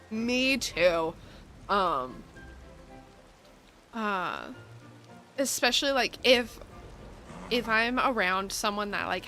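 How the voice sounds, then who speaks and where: A woman's voice: medium pitch, bright, forceful tone, poor audio. A young woman from the United States chatting in a rambling way, with plenty of ums and likes, as she streams a cozy game. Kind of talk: casual live-stream chat while playing.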